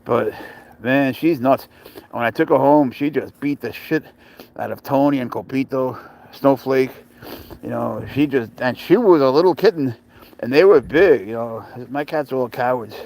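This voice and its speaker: A man chatting casually on a live stream, swearing freely, laughing often and slipping into soft baby talk with his pet. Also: mid-range voice, moderate pace, gravelly, rough recording.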